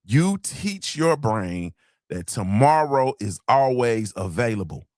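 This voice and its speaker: A man's voice: medium pitch, sing-song, slow, a little mellow, no echo, clean studio sound. A man hosting a motivational podcast livestream, preaching and repeating his points, swearing casually and asking "you feel me". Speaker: podcast host.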